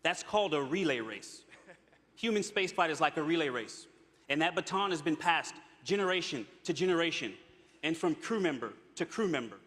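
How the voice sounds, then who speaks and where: Bright-voiced man speaking in a hall. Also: on the high side, lively intonation, moderate pace. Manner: upbeat, earnest speech with laughs. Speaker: astronaut. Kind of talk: public speech. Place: large hall with audience. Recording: long hall reverb.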